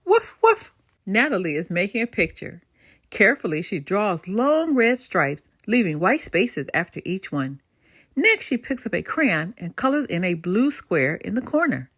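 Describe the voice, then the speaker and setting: An older woman reading a bedtime story aloud to children in an expressive, lilting way. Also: mid-range voice, normal speed, breathy edge, dry recording, clean studio sound.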